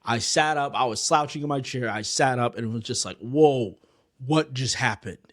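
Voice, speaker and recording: A man in the middle of his pitch range talks through a film he has just seen. He is earnest and chatty and fills his sentences with loose asides. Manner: earnest, retells scenes vividly with many fillers. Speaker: film reviewer. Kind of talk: casual spoken film review.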